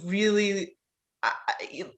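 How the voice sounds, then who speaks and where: A woman's voice: medium pitch, animated, takes it slowly. A woman on a podcast panel in casual chat, chatty and laughing often, with lots of fillers.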